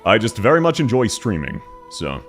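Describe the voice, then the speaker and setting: Guy streamer in his chill lower normal voice, easy casual talk, faint music in back. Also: moderate pace. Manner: lower, relaxed normal speaking voice. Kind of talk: calm casual chat.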